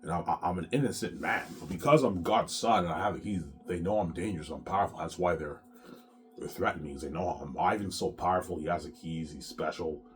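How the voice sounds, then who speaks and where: Very deep-voiced coughing man. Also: a little fast. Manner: profane, repetitive, keeps saying "man". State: coughing, sick. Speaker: solo show host. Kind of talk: rambling casual monologue.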